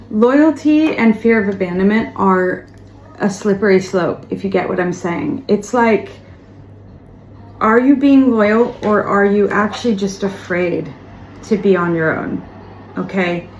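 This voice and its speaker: A woman giving a tarot reading straight to the viewer, talking gently and reassuringly and repeating words for emphasis. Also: mid-range voice. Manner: speaks of spiritual guidance. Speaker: tarot reader. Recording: roomy echo, faint background noise.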